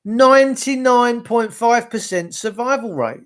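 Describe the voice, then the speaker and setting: A man's voice: high-pitched, moderate pace, a bit bright. A man, hosting a rambling livestream monologue, ranting and answering viewer comments aloud. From England. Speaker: livestream host. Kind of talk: rambling live-stream monologue.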